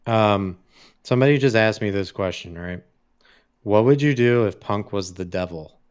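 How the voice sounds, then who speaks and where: A man's voice: fairly low pitch, normal speed, clear, resonant tone. A man co-hosting a podcast in casual chat, laid-back, swearing freely and laughing often. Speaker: podcast co-host.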